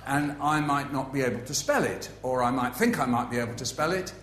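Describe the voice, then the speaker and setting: A man's voice: mid-range voice, brisk, fairly bright tone, reverberant, slight background noise. A man giving a humorous author talk to a live audience, playful and facetious, full of asides. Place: festival venue with an audience.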